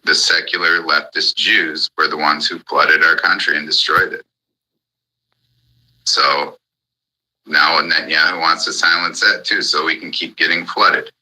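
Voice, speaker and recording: A man's voice: extremely low pitch, little pitch movement, unhurried, sharp tone, rough recording. A man in an angry, profane ranting monologue on a live audio chat, hammering the same points again and again. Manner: furious, profane, repetitive.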